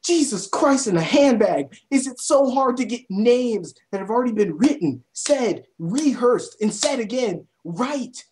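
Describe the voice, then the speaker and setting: A young woman ranting about a film, exasperated and swearing constantly, her voice climbing to near shouts. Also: on the high side, expressive, a little slow, hardly any pauses. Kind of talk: profane rant.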